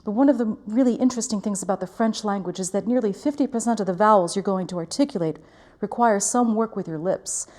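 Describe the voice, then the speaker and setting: Mellow-voiced woman teaching diction. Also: medium pitch, quick pace. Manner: clear, careful articulation, demonstrating vowels. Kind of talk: diction lesson.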